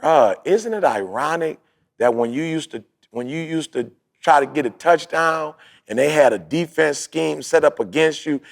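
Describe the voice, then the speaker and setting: Gravelly animated man telling stories. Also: a little high, normal speed. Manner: animated storytelling, acts out quotes, repeats points. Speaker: podcast host. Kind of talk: casual motivational talk.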